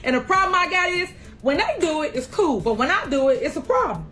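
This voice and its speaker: A woman addresses her viewers directly as a podcast host and local official, her voice pitched high. She speaks slowly and deliberately, drawing out her words in a defiant tone. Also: big pitch swings, music in the background. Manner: slow, drawn-out, defiant. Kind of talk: direct-to-camera video address.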